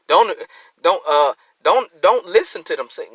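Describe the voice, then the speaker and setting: A man teaching scripture on a live stream, reading verses then explaining them in plain, animated talk with features, acting out the excuses people make. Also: a little high, moderate pace, dry recording, poor audio. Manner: repeats and restarts phrases. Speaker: teacher of a religious group.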